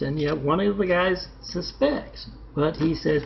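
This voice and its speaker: A man's voice: a little high, a little slow, gravelly, few pauses. A man telling absurd comic stories in a rambling way, full of fillers and asides. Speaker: storyteller. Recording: muffled with faint hiss.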